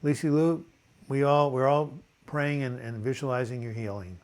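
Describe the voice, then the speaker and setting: A man's voice: mid-range voice, fairly even intonation, normal speed. An older man hosting a casual live video chat with a dry cough, reading viewers' comments aloud and telling corny jokes.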